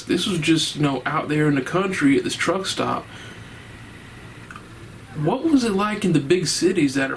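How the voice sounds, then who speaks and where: A man's voice: on the high side, slight background noise, low-quality recording. A man giving a casual, enthusiastic and rambling horror movie review, laughing often.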